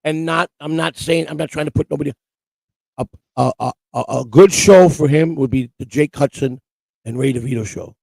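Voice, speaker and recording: A man co-hosts a casual morning live stream, teasing his partner and tripping over his words. His voice sits a little high with a gravelly, creaky edge. The sound is dry and close, with no room around it. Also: moderate pace, darkish tone, no echo, low-quality recording. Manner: stammering, repeats himself, teasing. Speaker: co-host.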